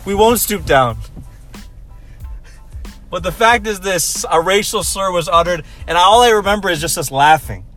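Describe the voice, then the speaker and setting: Lively high-voiced man telling a story. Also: moderate pace, long pauses, soft background music. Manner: animated, repeats himself for emphasis. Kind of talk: casual storytelling chat.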